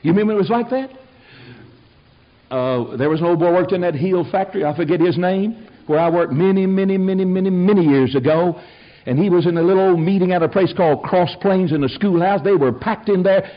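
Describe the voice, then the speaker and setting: An older man preaching a sermon in a fiery, folksy way, rising to shouted peaks. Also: high-pitched, brisk, muffled recording. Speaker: pastor.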